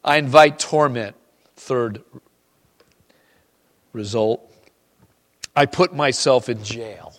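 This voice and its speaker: A male pastor preaching a sermon to a congregation, reading scripture and moving between loud emphasis and quiet, personal asides. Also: mid-range voice, slow, pauses often.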